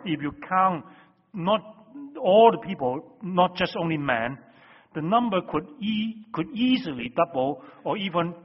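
Male pastor, raised husky voice, emphatic sermon delivery, muffled lo-fi recording with long hall echo. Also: a little high. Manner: emphatic, swings between loud stresses and hushed phrases. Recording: dull lo-fi sound with long hall reverb.

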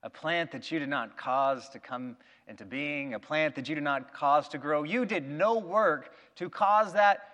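A preacher doing a calm, chiding God. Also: male voice, fairly high pitch, measured pace, hardly any pauses, voice pushed down. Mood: gently chiding. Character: patient, questioning God, calm father figure. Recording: long reverb of a big hall.

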